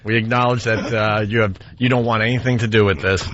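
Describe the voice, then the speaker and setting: A man's voice: fairly low pitch, fairly even intonation, fast, fairly bright tone. A man hosting a radio show, giving mocking, sarcastic commentary on clips. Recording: dull radio broadcast audio.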